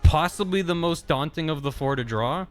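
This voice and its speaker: A man's voice: on the high side, normal speed, clear, resonant tone, faint music behind. A man chatting casually and joking while he draws on a live stream. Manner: lively, joking. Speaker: streamer drawing. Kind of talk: casual chat while drawing.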